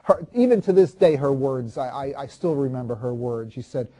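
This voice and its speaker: A man playing a proud ancient king in a first-person monologue, confiding and halting, restarting and repeating his words. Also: mid-range voice, warm tone, close to an everyday voice. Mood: brooding. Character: proud ancient king recalling his marriage, self-justifying.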